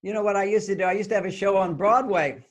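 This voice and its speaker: Speaking fast in a high voice, the older man is a guest author in an interview conversation. He animatedly walks through his ideas, slipping into little acted-out dialogues.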